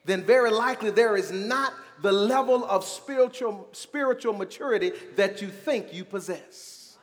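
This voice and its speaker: Male pastor with a high voice; preaches with call-and-response in a reverberant sanctuary. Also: moderate pace, hardly any pauses. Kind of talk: sermon.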